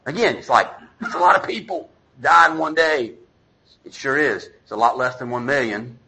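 A male pastor delivers a sermon in a bright, forward voice with a husky edge. He moves between reading scripture and loose, conversational paraphrase, acting out the dialogue as he goes. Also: mid-range voice, normal speed, rough recording.

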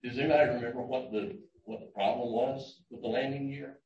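A man's voice: medium pitch, fairly even intonation, a little fast, a little mellow. A man giving a conversational church lesson, often restarting and repeating words. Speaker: church teacher. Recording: roomy, distant, dull room recording.

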